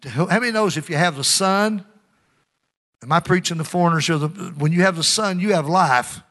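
Bright-voiced preacher calling for amens. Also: male voice, high-pitched, a little fast. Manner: call-and-response preaching, urging amens; swings between loud emphasis and hushed asides. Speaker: pastor. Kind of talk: sermon.

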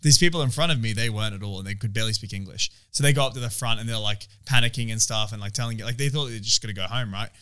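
Young aussie guy, rambly, talks fast, swears a lot. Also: fairly low pitch, fairly bright tone, clear, resonant tone. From Australia. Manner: rambling storyteller, lots of fillers. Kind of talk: casual chat with friends, swearing.

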